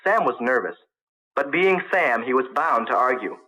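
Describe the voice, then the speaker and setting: A man's voice: medium pitch, expressive, moderate pace, bright, forceful tone, low-quality recording. A man narrating a story in the first person, in a plain storytelling manner. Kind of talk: audiobook narration.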